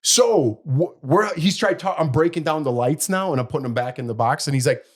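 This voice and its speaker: Fairly high-pitched and fast, this middle-aged man co-hosts a podcast and shares a story in easygoing chat. His telling is animated, and he acts out the quoted characters.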